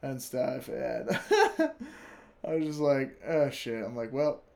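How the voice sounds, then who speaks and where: A young man telling a story casually, animated and profane, laughing often and acting out what people said. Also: mid-range voice, slow pace, creaky.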